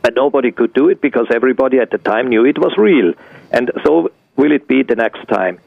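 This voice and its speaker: An older man from Switzerland answering as a radio guest, halting and full of fillers and restarts, on dull lo-fi radio audio. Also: medium pitch, expressive, vocal fry, dry recording.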